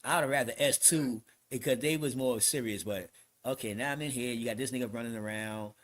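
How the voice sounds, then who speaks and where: A middle-aged man from New York telling a story in casual chat, animated and profane, often acting out the people he quotes. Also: mid-range voice, fairly quick. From New York City. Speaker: podcast host telling a story.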